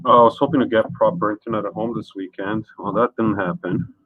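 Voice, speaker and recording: A man's voice: on the low side, fairly even intonation, dry recording, phone-quality sound. A man chatting and joking casually while painting on a live stream. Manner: chatty, joking, talks to chat between pauses. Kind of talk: casual chat while working.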